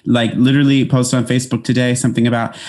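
Man, podcast co-host, very fast talker, heated, swearing. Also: medium pitch, little pitch movement, darkish tone. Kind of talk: casual chat.

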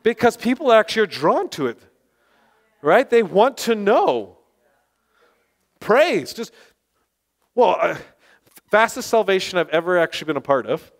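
A man preaching and telling testimony stories with passionate, excitable energy, now and then bursting into shouts. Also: high voice, a little slow, pauses often. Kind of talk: sermon testimony storytelling.

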